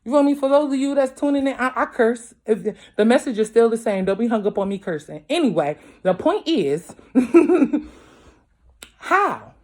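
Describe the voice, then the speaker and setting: Animated and a little high, her voice moves at normal speed. She's a mother, young adult to middle-aged, doing a relaxed tarot reading at home late at night, cursing heavily and speaking bluntly and emphatically. Her constant "you feel me" check-ins with viewers get louder as she works herself up.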